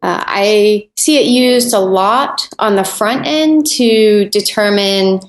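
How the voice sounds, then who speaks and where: Podcast guest, female, expert explainer; mid-pitched voice in a roomy, echoey recording. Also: slow. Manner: explanatory, thinking aloud with fillers. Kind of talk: podcast interview answers. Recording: roomy echo.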